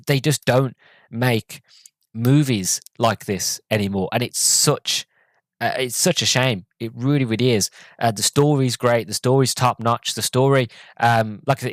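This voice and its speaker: A man's voice: on the low side, no room sound. A man hosting a podcast, giving an enthusiastic casual movie review full of restarts and fillers. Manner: rambling, many restarts and fillers. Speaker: podcast host.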